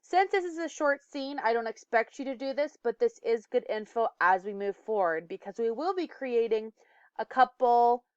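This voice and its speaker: A woman's voice: on the high side, lively intonation, normal speed, smooth, no echo, muffled recording. A woman teacher giving a recorded lesson. She explains step by step and sometimes stumbles or corrects herself. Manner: self-correcting, occasional stumbles and fillers.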